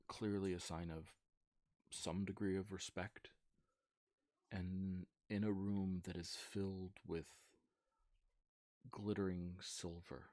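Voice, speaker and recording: Brief: male game master, very low voice, laid-back descriptive narration, dry studio sound. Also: a little mellow, dry recording. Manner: casual, filler-heavy, drawn-out description.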